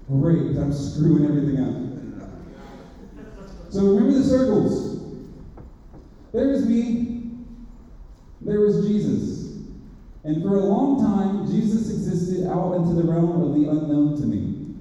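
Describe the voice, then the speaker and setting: A man's voice: high voice, lively intonation, a little slow, long pauses, dark tone. Earnest man preaching in an echoing hall. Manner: earnest and confessional, with self-mocking humor. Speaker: speaker at a campus ministry. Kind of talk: sermon with personal story. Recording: dull, roomy hall from far off.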